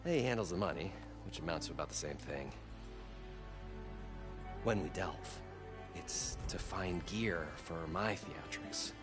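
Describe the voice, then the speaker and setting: A boastful showman inventor in a video game, wry and theatrical. His voice sits very low, and game music plays clearly behind him. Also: lively intonation, measured pace, long pauses.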